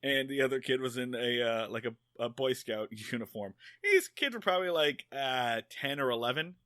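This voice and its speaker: A man co-hosting a podcast, telling a rambling, animated story in casual chat and swearing freely. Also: mid-range voice, normal speed, no room sound, studio quality. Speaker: podcast co-host.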